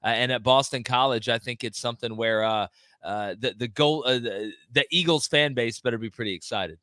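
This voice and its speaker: A man co-hosting a casual sports talk show, animated and given to mocking asides. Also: mid-range voice, fairly quick, clear, resonant tone, no echo, clean studio sound. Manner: animated, mocking quoted voices, laughing asides. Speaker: podcast co-host.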